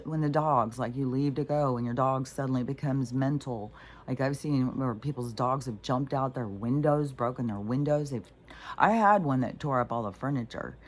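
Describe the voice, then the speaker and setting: A woman's voice: very deep voice, a little hiss or hum. A middle-aged woman talking casually and bluntly, rambling with lots of fillers and swearing. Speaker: spiritual vlogger.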